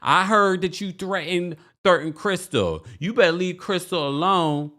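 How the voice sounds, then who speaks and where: A man's voice: high-pitched, animated, a little slow, sharp tone, voice pushed up, full character voice. A man putting on the voice of a feisty older woman who scolds and threatens, breaking into laughs as he does it. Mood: threatening.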